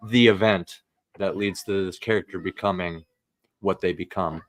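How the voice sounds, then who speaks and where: A man's voice: deep voice, steady tone, normal speed. A man, an author and podcast co-host, talking in casual chat with many restarts and fillers. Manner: rambling with frequent restarts and fillers.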